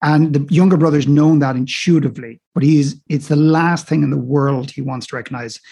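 A man's voice, a little high, with a gravelly, husky grain. He is a coaching guest telling anecdotes in conversation and animates them by acting out both sides of each exchange. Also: a little fast. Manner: animated, acts out dialogue in stories. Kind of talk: conversational storytelling.

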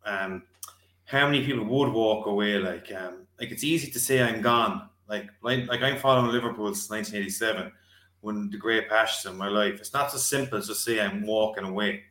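A man's voice: on the low side, a little fast, sharp tone. A man on a football podcast, speaking hesitantly with many fillers. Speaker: podcast co-host. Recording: echoey room.

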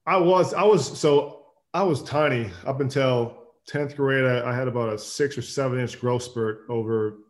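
Relaxed male guest from Minnesota. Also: medium pitch, normal speed, few pauses. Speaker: guest, former football player. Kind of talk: casual interview chat.

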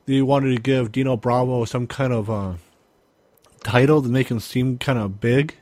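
A man's voice: medium pitch, steady tone, normal speed, a little mellow, no room sound. A man co-hosting a casual podcast, recapping from notes with hesitant restarts. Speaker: podcast co-host. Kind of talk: casual chat reviewing a wrestling event.

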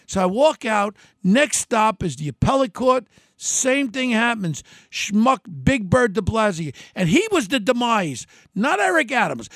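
A man's voice: sits high, big pitch swings, a little slow, a bit bright, dry recording, studio quality. An older man tells a story in a blunt, combative way and quotes people in changing voices. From New York City. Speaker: former mayoral candidate telling a story. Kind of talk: animated storytelling monologue.

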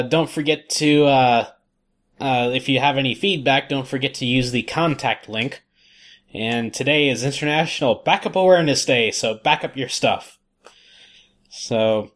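A man hosting a podcast in casual chat, relaxed and rambling with lots of fillers. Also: mid-range voice. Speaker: podcast host.

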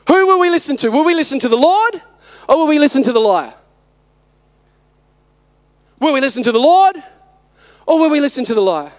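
A man's voice: very high voice, sing-song, brisk, pauses often. A man in his thirties, a father, preaching a sermon with emphatic rhetorical questions.

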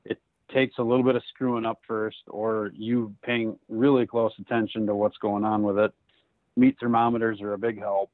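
Man, low voice, tinny phone line, dry sound, casual podcast chat, gives friendly tips. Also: level tone, normal speed, no room sound. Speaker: podcast co-host.

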